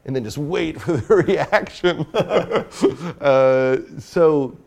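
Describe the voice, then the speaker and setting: A man's voice: on the high side, extremely slow, gravelly, darkish tone. A man speaking as an interview guest, a filmmaker and comedian talking candidly and self-critically, thinking aloud.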